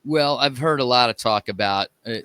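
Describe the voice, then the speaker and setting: A male musician guest chatting casually, rambling through his stories with many fillers. His voice is bright and smooth. The recording is dry and close. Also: medium pitch, normal speed, no echo. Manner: rambling, with many fillers and restarts, laughs often. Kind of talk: casual chat.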